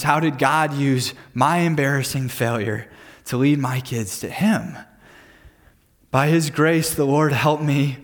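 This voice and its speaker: A man in his thirties, a men's group leader, giving an earnest devotional talk full of personal stories. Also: on the high side. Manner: earnest storytelling with personal anecdotes.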